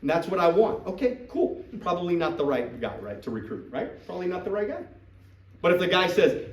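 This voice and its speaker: A man's voice: high voice, brisk, roomy sound, far from the mic, rough recording. A man coaching recruits in a live talk to a group, acting out sales dialogues. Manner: animated, acts out sales dialogues. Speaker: business trainer coaching recruits.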